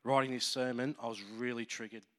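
A pastor preaches a sermon with emotion and animation, acting out voices as he tells a parable. His voice is mid-range and a little fast.

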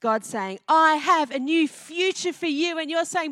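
Woman preacher, pretty high voice, chatty sermon style, keeps asking the crowd stuff, dry close sound. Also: a little slow, few pauses, dry recording. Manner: lively and conversational, asks the congregation questions. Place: church before a congregation.

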